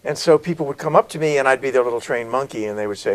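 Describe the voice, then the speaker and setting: Brief: middle-aged male actor, interview guest, expressive storyteller, average pitch. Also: very fast, hardly any pauses, low-quality recording. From South Carolina. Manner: animated storyteller, varied delivery. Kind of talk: interview conversation.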